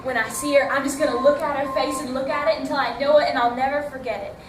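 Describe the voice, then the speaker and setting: A woman's voice: high-pitched, expressive, normal speed, fairly bright tone, a little hiss or hum. A woman voicing a sweet, longing little girl who pleads in breathless repeats. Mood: eager. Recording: echoey hall from far off.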